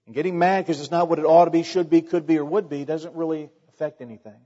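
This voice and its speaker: A pastor preaches a sermon conversationally, firing off rhetorical questions and often restarting sentences. His voice is on the high side, steady and warm, and he talks fast. The sound is muffled with long hall reverb.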